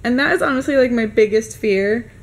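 A young woman narrating a casual family vlog to camera, chatty and candid with quick run-on asides. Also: on the high side, expressive. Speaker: family vlogger.

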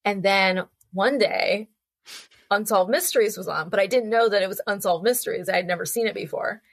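A young woman guest on a podcast, telling animated, chatty anecdotes and acting out voices as she goes. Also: medium pitch, a little fast, no echo. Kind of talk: casual storytelling conversation.

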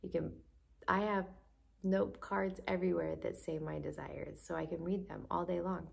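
Very gravelly, husky woman guiding breathwork. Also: on the low side, moderate pace. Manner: drops often into a breathy whisper; gushing, excited encouragement. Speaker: manifestation coach. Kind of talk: guided breathing practice.

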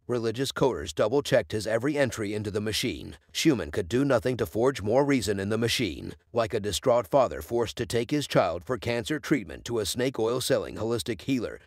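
A synthetic male narrator voice reads a story in a steady, even delivery. The voice sits somewhat low. It sounds dry, with no room around it. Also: no room sound. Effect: text-to-speech voice. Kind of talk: scripted narration.

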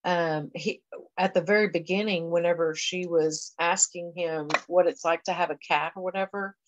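A woman's voice: lowish voice, steady tone, moderate pace, highs cut off, background noise. A woman education professor giving a conversational recorded lecture, explaining things step by step with frequent fillers. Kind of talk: recorded lecture walking through a reading assessment.

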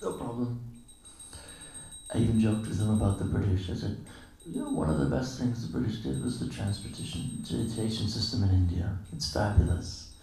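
Male lecturer, low and dark-toned, relaxed storyteller who acts out quotes; very echoey, distant hall recording. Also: brisk, vocal fry, soft background music. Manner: casual storytelling, acting out quoted dialogue with chuckles. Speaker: guest lecturer at a temple. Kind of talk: anecdotal morning lecture. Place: temple hall.

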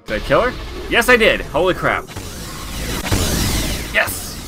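Excitable joking man over game music. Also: a little high, takes it slowly. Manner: jokey, crude, excitable. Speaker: let's play commentator. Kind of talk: casual gameplay commentary.

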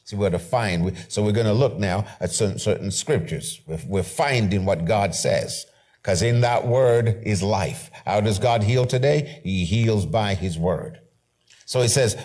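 A middle-aged male pastor preaching a sermon with emphasis, slowing down to read scripture and repeating key phrases. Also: fairly low pitch, a little mellow. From Canada.

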